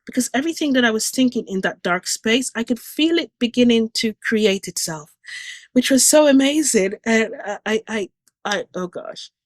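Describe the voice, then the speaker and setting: A woman's voice: on the high side, animated, normal speed, no echo. Earnest woman telling a spiritual story. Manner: earnest and emotional, vivid retelling with restarts. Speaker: guest speaker sharing a near-death experience. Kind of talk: personal testimony storytelling.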